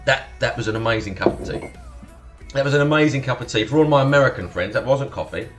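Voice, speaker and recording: A man's voice: medium pitch, fast talker, over music. A young man from Essex with an estuary accent, chatting casually and swearing as he hosts a live stream, thanking followers and laughing often. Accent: Essex estuary English. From Essex, England. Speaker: livestream host.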